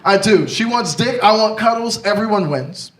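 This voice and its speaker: A man's voice: high-pitched, moderate pace. Brash young man doing stand-up. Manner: brash, animated, confessional. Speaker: stand-up comedian. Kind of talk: stand-up comedy set. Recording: roomy echo, mic far off, noisy.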